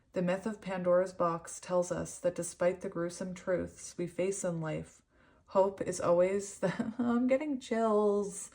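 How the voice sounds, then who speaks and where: A woman's voice: lowish voice, darkish tone. Earnest young woman reading tarot meanings. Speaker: tarot reader.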